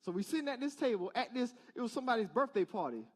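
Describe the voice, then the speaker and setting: A man's voice: very high voice, sing-song, fast. A male pastor giving a conversational sermon in church, asking the congregation rhetorical questions in a casual, direct way. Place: church service.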